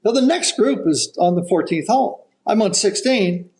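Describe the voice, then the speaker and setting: An older man, a golf broadcaster guesting on a podcast, telling an animated story and acting out the voices of the people in it. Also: sits high, normal speed, rough recording. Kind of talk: storytelling anecdote.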